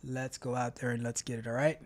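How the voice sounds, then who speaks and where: A man's voice: mid-range voice, flat delivery, fairly quick, a little mellow. A man hosting a live stream, chatting casually, reading out chat messages and repeating himself as he talks. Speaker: livestream host.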